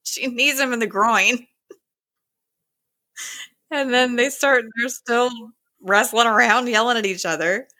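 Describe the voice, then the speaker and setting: A woman's voice: a little high, measured pace, long pauses, bright, forceful tone. A woman retelling a TV episode in casual chat, quoting the characters with "he's like" and laughing along. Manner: retells scenes with "he's like" quotes and giggles.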